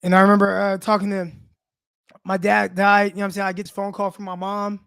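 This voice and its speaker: A man's voice: high-pitched, monotone, quick pace, vocal fry, a bit bright, clear, resonant tone, no echo, clean studio sound. A young man hosting a sports podcast, talking loosely and personally with many fillers, teary-eyed as he speaks. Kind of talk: casual heartfelt monologue.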